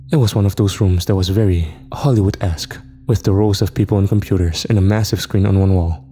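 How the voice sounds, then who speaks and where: A man narrating a first-person horror story in a steady, reflective way. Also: lowish voice. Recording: reverb with faint music.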